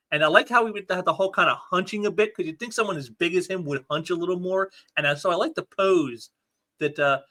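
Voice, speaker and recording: Guy doing a casual comic review vlog, rambly and excited, bright kinda high voice. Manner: enthusiastic, rambling with many restarts.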